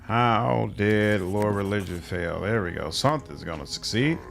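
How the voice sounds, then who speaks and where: A man's voice: on the low side, moderate pace, creaky, a bit bright. A man streaming a role-playing game, chatting casually in a laid-back way and reading game text aloud. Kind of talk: casual gaming commentary. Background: faint game music.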